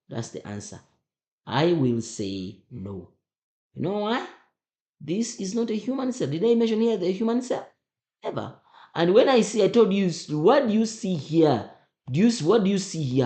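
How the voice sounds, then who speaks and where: A male teacher with a slightly high, mellow voice walks students through an exam memo, emphatic and repetitive, firing rhetorical questions at them. The recording has a roomy echo.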